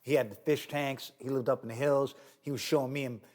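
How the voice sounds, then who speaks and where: A man's voice: medium pitch, a little fast. A middle-aged man from New York, telling a wild story as an interview guest, profane and acting out the voices of others. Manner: animated, profane, acts out cops' voices.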